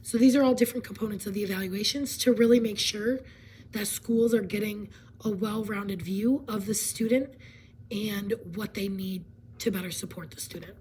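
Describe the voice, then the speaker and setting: A woman talks through a presentation while hoarse from laryngitis, her voice dropping into whispers and breaking off to clear her throat. She keeps a casual explaining tone at a middle pitch. A faint hiss of noise sits under the recording. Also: fairly even intonation, normal speed, a little mellow, low-quality recording.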